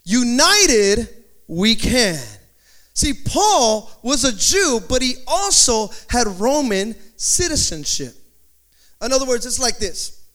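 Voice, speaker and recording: Man, high voice, preaching a sermon, animated, chatty, joking asides. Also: takes it slowly. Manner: slips into playful put-on accents in quotes. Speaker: pastor.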